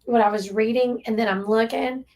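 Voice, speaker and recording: A woman's voice: a little high, steady tone, a little fast, darkish tone, slight background noise. A woman with an East Tennessee accent who runs a relief shelter, recounting a hard moment in earnest, heartfelt conversation. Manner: earnest, tearful recollection with Southern phrasing. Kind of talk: emotional storytelling in conversation.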